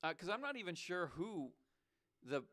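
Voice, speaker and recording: A man's voice: sits high, sing-song, moderate pace, bright, forceful tone. A young man hosting a call-in show, teasing a caller in a casual, mock-suspicious way.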